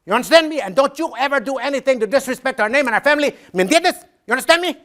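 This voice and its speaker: A man's voice: very high-pitched, lively intonation, rapid-fire, bright, forceful tone, pitched above the performer's own voice, exaggerated voice. A man voicing a stern, proud father who firmly lectures his young son, mixing in Spanish words. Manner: firm, rising in intensity, mixes Spanish.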